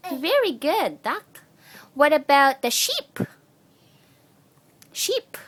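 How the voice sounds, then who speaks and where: Mom praising her toddler, bright voice, slow and sweet. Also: high voice, sing-song. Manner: sing-song, encouraging, praising. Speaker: mother. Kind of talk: coaxing a toddler at home.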